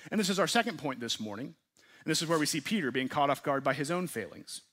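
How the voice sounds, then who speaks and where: A man preaching a sermon to his church, earnest, putting questions to the listeners and swinging from forceful emphasis to hushed, quiet phrases. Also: a little high, lively intonation, fast. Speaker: pastor.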